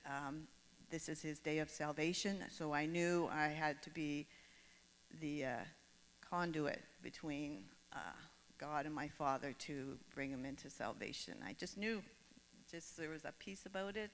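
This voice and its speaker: A woman giving a sincere personal testimony in church, pausing thoughtfully as she speaks. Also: deep voice. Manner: sincere, soft-spoken with thoughtful pauses. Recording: long reverb in a large hall.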